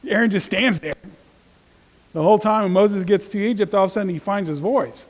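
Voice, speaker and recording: A man teaching a church Bible study, chatting casually and reading scripture aloud with lively emphasis. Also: high voice, brisk, long reverb tail, poor audio. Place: church classroom.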